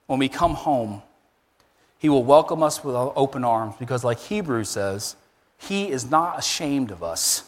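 A man preaching a sermon as pastor, emphatic and animated, his voice rising high on key words. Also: a little slow, big-room sound.

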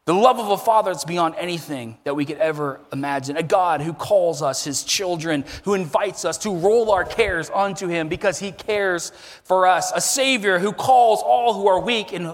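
Pastor, male, slightly high voice, preaching with big emphatic swings, church hall echo. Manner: animated preaching with emphatic rises. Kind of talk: sermon.

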